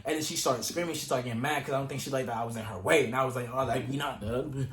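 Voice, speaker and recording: A man's voice: medium pitch, rapid-fire, hardly any pauses, noisy background. A young man vlogging a casual storytime to camera, retelling events dramatically with slang and asides to his viewers. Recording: echoey room.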